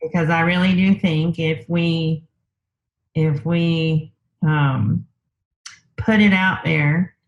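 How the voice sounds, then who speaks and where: A woman being interviewed tells a personal story unhurriedly, thinking aloud and using lots of fillers. Her voice is low-pitched with fairly even intonation, and the recording sounds muffled.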